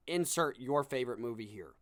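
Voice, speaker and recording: A man's voice: medium pitch, expressive, fairly quick, no room sound, clean studio sound. A young man hosting a podcast, delivering a sarcastic comedic rant with self-deprecating asides. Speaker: podcast host. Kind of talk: comedic monologue.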